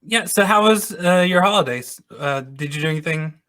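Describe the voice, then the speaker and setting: A man's voice: a little high, moderate pace, pushed and bright. A man hosting a podcast, asking short, casual questions and laughing between them. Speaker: podcast host. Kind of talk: casual interview.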